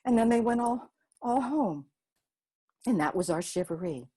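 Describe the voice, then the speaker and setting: A woman voicing a gentle, nostalgic elderly great-grandmother in a told story, speaking softly and slowly. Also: fairly high pitch, animated, husky. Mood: reminiscing. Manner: soft, slow and wistful.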